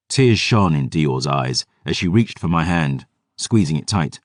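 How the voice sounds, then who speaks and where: Deep-voiced male audiobook narrator. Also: animated, no room sound, clean studio sound. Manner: measured, dramatic. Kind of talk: scripted fantasy narration.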